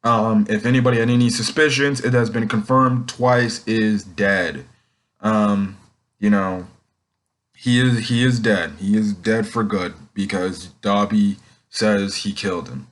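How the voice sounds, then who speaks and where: A man's voice: on the low side, steady tone, measured pace, fairly bright tone. Rambling man recapping a comic chapter. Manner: rambling, leans on "um" and "essentially". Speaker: manga chapter reviewer. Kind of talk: casual unscripted recap.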